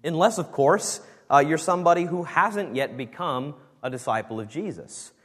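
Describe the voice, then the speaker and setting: A man's voice: a little high, animated, normal speed, a bit bright. A man preaching a sermon as pastor, earnest and emphatic, leaning hard on key words. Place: church sanctuary. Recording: long reverb of a church hall.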